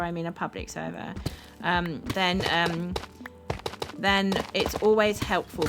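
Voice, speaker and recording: A woman from South London with a South London accent, chatting casually with her viewers while playing a game, upbeat and quick to laugh. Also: on the low side. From South London, England. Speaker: streamer. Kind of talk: casual chat with live chat while gaming. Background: background music.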